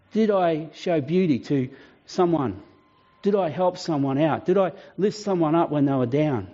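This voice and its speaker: A man's voice: sits high, darkish tone, lo-fi sound. A male pastor preaching a sermon, telling stories with animation and frequent restarts.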